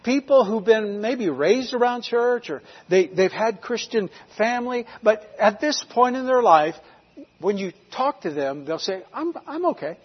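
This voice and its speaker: A pastor from North Carolina, preaching a sermon emphatically, rising to loud declarations and dropping to hushed lines. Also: male voice, sits high, lively intonation, measured pace, husky, in a large hall. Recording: slightly dull lo-fi recording.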